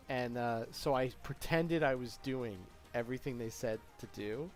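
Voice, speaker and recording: A man's voice: mid-range voice, moderate pace, hardly any pauses, soft background music. A young man in a casual live stream chat, telling long stories with many fillers and bursts of laughter. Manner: rambling storyteller with lots of laughter and fillers.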